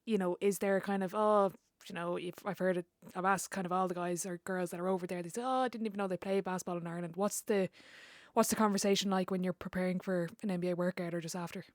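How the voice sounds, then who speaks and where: A woman's voice: on the low side, little pitch movement, fast talker, no room sound. Chatty woman podcast host, dry sound. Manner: friendly, chatty questioning. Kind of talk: casual podcast interview.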